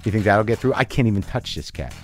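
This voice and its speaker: A man's voice: fairly low pitch, expressive, fast talker, soft background music. Wry, rambling man hosting a podcast. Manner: rambling, wry, self-interrupting. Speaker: podcast host. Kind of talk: casual conversation.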